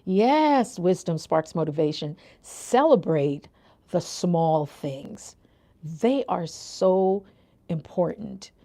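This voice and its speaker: Speaking slowly in a lowish, dark-toned voice, this older woman from Jamaica stays animated as she hosts a relaxed livestream. A nurse coach with a Jamaican accent, she chats with her viewers and laughs a lot.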